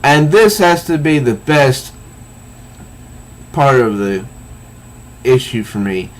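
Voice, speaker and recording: A man's voice: mid-range voice, expressive, takes it slowly. A man casually reviewing a comic book, reading panels aloud with easygoing, enthusiastic asides.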